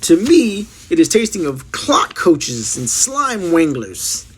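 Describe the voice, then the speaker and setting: A man's voice: huge pitch swings, slow, a little hiss or hum, heavily acted. A man voicing a very old, kindly giant who talks in jumbled, mangled grammar. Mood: rambling. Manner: mangled grammar, booming cries.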